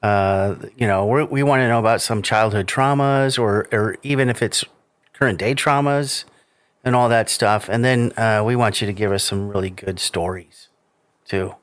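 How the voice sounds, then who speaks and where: A man hosting a recovery podcast, chatting casually, joking around and halting with fillers. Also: lowish voice, clean tone, no room sound. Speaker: podcast host. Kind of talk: casual interview chat.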